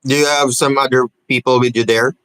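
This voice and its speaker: A man co-hosting a casual podcast chat, asking his friend halting, teasing questions. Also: medium pitch, fairly even intonation, a bit bright, clear, resonant tone, rough recording. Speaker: podcast co-host.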